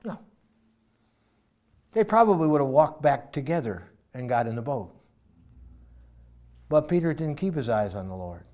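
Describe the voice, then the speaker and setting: A man preaching a sermon in an animated way, acting out voices and swinging between loud and quiet. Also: medium pitch, moderate pace, pauses often. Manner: animated, acts out voices, varies loudness widely.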